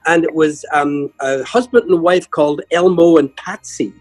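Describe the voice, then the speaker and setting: An older man, a guest musician, telling humorous stories in a chatty, lively way. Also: a little high, moderate pace, soft background music, rough recording. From Ireland. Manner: chatty, humorous anecdotes with lively voiced quotes. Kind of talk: conversational storytelling.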